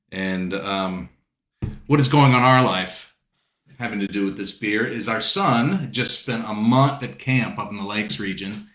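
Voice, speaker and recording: A man's voice: fairly low pitch, fairly bright tone, reverberant. A man from South Carolina hosting a casual book launch video call, greeting viewers by name and chatting in a rambling, friendly way. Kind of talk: casual chat.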